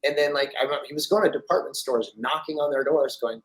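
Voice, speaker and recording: On poor audio, this middle-aged man from France speaks quickly in a mid-range, fairly bright voice with hardly any pauses. As an interview guest, he spins long, meandering stories full of fillers, performing the quoted voices himself.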